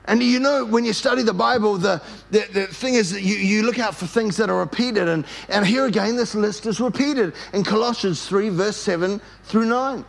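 A male pastor delivers a lively sermon at a church service and tells stories with animation. His voice sits high and has a heavy, gravelly rasp. He often calls on the congregation to repeat phrases back to him. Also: normal speed, few pauses. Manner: animated storytelling, leads call-and-response with congregation.

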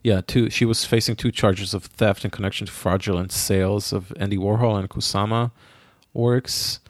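American guy gossiping on a podcast, lowish voice, super dry close mic. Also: normal speed, dry recording. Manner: chatty, gossipy, pitch jumps up when excited. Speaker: podcast co-host. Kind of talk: casual chat.

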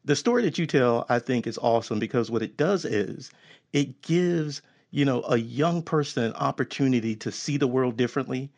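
A man's voice: mid-range voice, normal speed, a little mellow. A man hosting an interview, asking questions in an encouraging, reflective way with many fillers. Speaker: interviewer host. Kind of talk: conversational interview.

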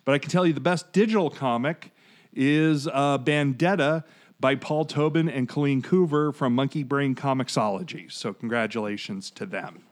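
A man's voice: medium pitch, moderate pace. Chatty man in his forties hosting. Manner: chatty, digressive, easygoing. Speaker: podcast host. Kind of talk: casual chat, announcing award winners.

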